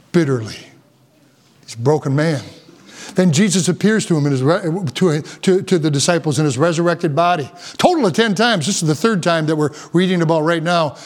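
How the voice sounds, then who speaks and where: A man preaching an impassioned sermon, rising to emphatic peaks. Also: fairly high pitch. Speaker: pastor.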